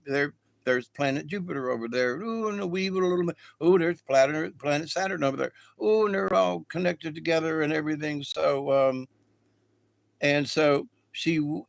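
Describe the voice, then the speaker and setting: A man's voice: on the high side, creaky, dry recording. A man reading animal spirit cards on a live stream, in a folksy, meandering style with many fillers. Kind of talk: rambling live-stream storytelling.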